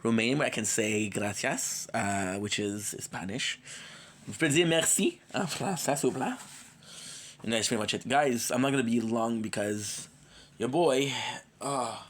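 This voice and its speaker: A man's voice: mid-range voice, measured pace, slight background noise. A tired man with a cold who streams, chatting casually and rambling with jokes to his viewers. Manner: rambling, joking. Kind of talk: casual live-stream chat.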